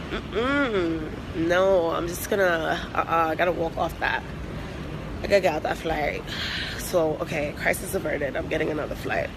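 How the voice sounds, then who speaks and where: An upset woman venting in an agitated, profane rant at an airport, her talk full of fillers as she tries to calm down. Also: medium pitch, background noise. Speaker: vlogger venting after a flight. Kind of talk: angry phone vlog rant.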